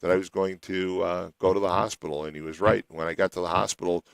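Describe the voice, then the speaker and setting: A man's voice: low voice, little pitch movement, fast talker, gravelly, smooth, no room sound, low-quality recording. A middle-aged man hosting a radio show, telling a long personal story in a rambling way with many restarts.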